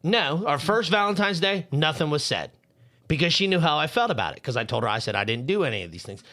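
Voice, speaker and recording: Young guy ranting hard and swearing a lot on a podcast, pretty bright tone. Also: on the high side, lively intonation, quick pace. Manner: angry, profane storytelling. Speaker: podcast co-host. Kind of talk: heated casual podcast rant.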